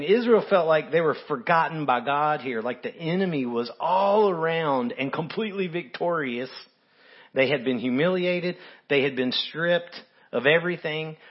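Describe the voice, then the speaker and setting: A man's voice: fairly high pitch, breathy edge. Man, pastor, sermon, emphatic, muffled lo-fi recording. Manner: emphatic, rises sharply when quoting scripture.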